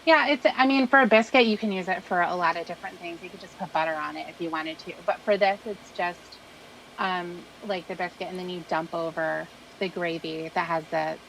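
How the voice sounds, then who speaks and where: A woman's voice: fairly low pitch, fairly even intonation, a little fast, creaky, a bit bright, a little hiss or hum, poor audio. A woman hosting a casual chat, explaining things in a loose, rambling way. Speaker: host.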